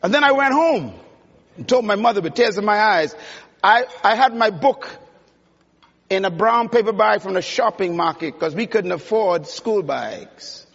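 A man's voice: sits high, expressive, normal speed, fairly bright tone, husky. A man giving an emphatic, preacherly motivational speech at a conference, addressing the audience directly. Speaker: conference speaker. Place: large conference hall. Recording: dull sound with long hall reverb.

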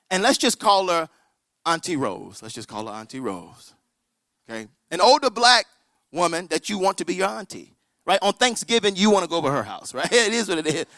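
A man preaching through a story to a gathered crowd, his voice high and bright with wide swings in pitch. He builds drama, then drops low to a near whisper. The sound is close and dry. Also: gravelly, dry recording. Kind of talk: storytelling sermon to a live audience.

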